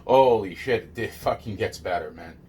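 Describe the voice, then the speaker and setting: A man's voice: lowish voice, moderate pace, darkish tone, slight background noise. A man telling a personal story in a rambling, casual way, swearing heavily and restarting his sentences.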